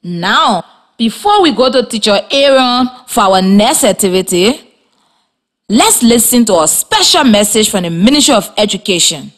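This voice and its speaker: A woman teaching a children's reading lesson on radio in a slow, clear, instructive way. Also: medium pitch, sing-song. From Liberia.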